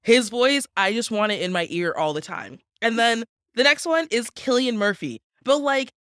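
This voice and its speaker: A woman's voice: fairly high pitch, animated, normal speed, fairly bright tone, clear, resonant tone, no room sound, clean studio sound. A young woman co-hosting a podcast, chatting casually in a bubbly, giggly way. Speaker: podcast co-host. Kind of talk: casual chat.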